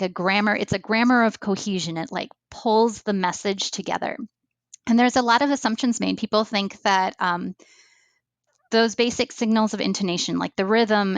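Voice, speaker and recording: A middle-aged American woman speaks as an interview guest, working through her points with frequent ums and restarts. Her voice sits at an ordinary pitch for a woman. The sound is dry and close, with no room around it. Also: no room sound. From United States. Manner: thoughtful, many fillers and restarts. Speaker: ESL training coordinator, guest. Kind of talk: explaining in a podcast interview.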